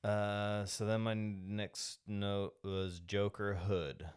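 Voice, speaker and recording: Deep smooth guy on a movie podcast, laid back, lots of uh and like. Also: drawn-out words. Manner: relaxed, recaps scenes at length with many fillers. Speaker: podcast co-host. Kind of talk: casual movie discussion.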